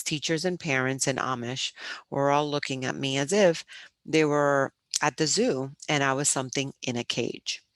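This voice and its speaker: A woman teacher reading a children's novel aloud, expressive and stumbling over words now and then. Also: rumbling low, no room sound. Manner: expressive, with frequent restarts. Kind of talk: storybook read-aloud.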